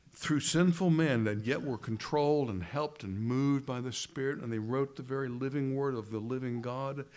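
A man preaching a sermon, earnest and emphatic, with dramatic pauses and quoted lines dropped low and hushed. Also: vocal fry.

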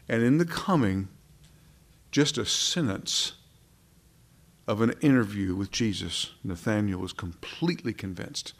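A man preaching a sermon with passion, his voice swelling and then falling to near a hush. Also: mid-range voice, lively intonation, unhurried, vocal fry, long pauses. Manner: impassioned, rising and dropping to soft.

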